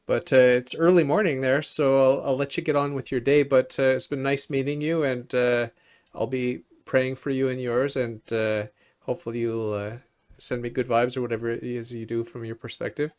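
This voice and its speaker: A man hosting a casual interview over a video call, friendly and quick to laugh. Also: medium pitch, level tone, darkish tone, smooth. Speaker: podcast host.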